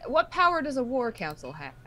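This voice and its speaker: A woman voicing a brooding, scheming young man who speaks in a measured, insinuating way. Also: high voice, sing-song, pushed and bright, pitched above the performer's own voice, full character voice.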